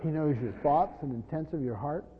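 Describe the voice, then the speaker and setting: A high-pitched male pastor preaches verse by verse at normal speed, earnest and insistent, repeating phrases, stressing key words and voicing imagined speakers. His voice rings through a church hall with a long reverb tail in a dull, lo-fi recording.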